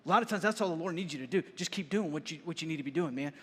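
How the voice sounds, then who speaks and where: A man preaching a sermon as pastor, animated and storytelling, often raising his voice high and loud. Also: rapid-fire, slightly rough. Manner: animated, storytelling, raises voice to shout lines. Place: church hall. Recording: reverberant church hall.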